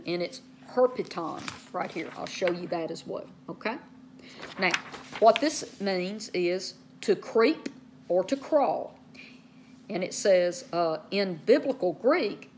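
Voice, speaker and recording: A woman teaching Bible study in a casual way, often saying "okay", spelling out words and slowing down to stress key terms. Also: medium pitch, a little hiss or hum.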